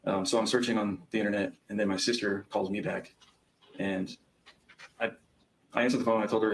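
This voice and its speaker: A man's voice: fairly low pitch, little pitch movement, brisk, pauses often, slight background noise, low-quality recording. A young man testifying as a witness in court, recounting events hesitantly with frequent ums. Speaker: trial witness.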